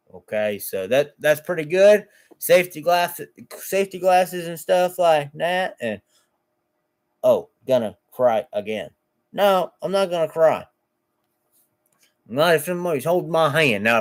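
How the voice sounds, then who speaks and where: A man who runs a small lawn care business, rambling casually and joking to his vlog viewers, often taking his jokes back. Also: a little high. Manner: jokey, rambling, quick to say he's kidding.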